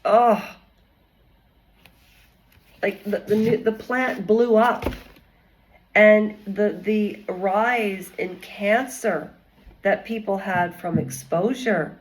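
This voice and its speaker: A woman talks through a casual commentary vlog in a mid-pitched voice. She speaks slowly and rambles, drifting from one point to the next with a chatty, digressive manner. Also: slight background noise, poor audio. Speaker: vlogger.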